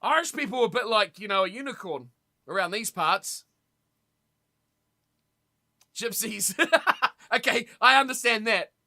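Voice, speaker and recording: A young man streaming a rugby watch party, commentating on the play and chatting casually with his viewers, with sudden loud reactions. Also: high-pitched, animated, normal speed, gravelly. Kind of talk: casual live commentary and chat.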